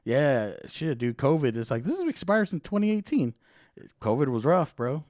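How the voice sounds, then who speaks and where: A man's voice: medium pitch, expressive, moderate pace, darkish tone, dry recording, studio quality. A young man hosting a podcast, telling a story in a loose, profane way, full of "dude" and "bro". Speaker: podcast host. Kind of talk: casual podcast chat.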